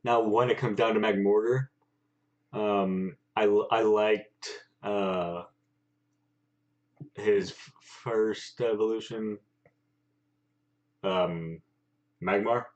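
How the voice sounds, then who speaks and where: A man co-hosting a casual chat, speaking haltingly with many pauses. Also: on the low side, steady tone. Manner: halting, many fillers and restarts. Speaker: co-host. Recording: dull lo-fi sound.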